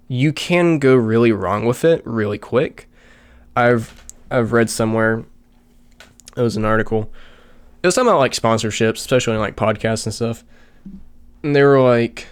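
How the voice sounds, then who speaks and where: A tired, slightly breathless man hosting his own podcast in a loose, casual chat. He rambles, leans on fillers and often restarts his sentences as he goes. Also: mid-range voice. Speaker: podcast host.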